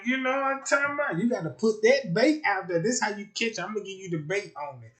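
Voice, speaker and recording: Rambling streamer man, voice on the high side. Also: lively intonation, fast, hardly any pauses. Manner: rambling, keeps asking "you know what I'm talking about"; swings between loud outbursts and low mutters. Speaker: live streamer. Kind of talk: casual comedic rant.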